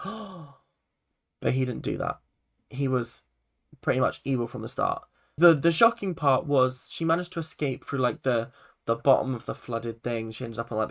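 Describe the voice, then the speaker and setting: Rambling man with a gravelly voice. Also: medium pitch, a bit bright. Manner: rambling, full of "like" and self-corrections. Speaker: film and TV reviewer. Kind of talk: casual spoken review.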